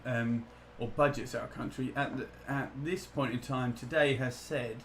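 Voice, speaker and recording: A man co-hosting a casual livestream, talking in a relaxed, wry way with frequent restarts while reading out a donation appeal. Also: mid-range voice, a little slow, a little hiss or hum. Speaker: livestream co-host. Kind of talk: casual livestream chat with announcements.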